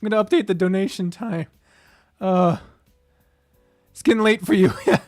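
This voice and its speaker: A woman's voice: mid-range voice, moderate pace, a little mellow, no room sound, clean studio sound, soft background music. A woman streamer and game master in casual livestream chat, giddy and laughing often, swearing and stumbling as she works through math aloud.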